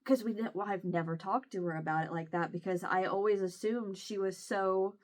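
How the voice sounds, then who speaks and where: A woman with a Southern Illinois accent chats to her camera, her words halting and restarting as emotion wells up. She sounds close to tears, her voice sitting at a middling pitch. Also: steady tone. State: near tears. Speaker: vlogger. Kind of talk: casual chat to camera.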